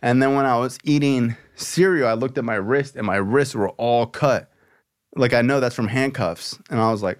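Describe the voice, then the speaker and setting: A male podcast host with a voice of ordinary, middling pitch. He tells his story in a loose, casual way, swearing freely and leaning on "like" between phrases. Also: normal speed. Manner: loose, profane, filler-heavy with lots of "like".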